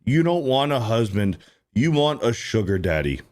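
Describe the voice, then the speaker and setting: A male host delivers blunt, profane reaction commentary, his pitch swinging widely as he rants. He talks in an animated, mid-pitched voice. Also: moderate pace.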